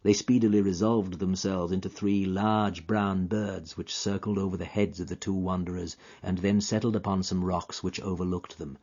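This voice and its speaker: A man narrating a story in a measured, plain reading voice, in a lo-fi recording. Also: sits low, steady tone, darkish tone. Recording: dull lo-fi recording.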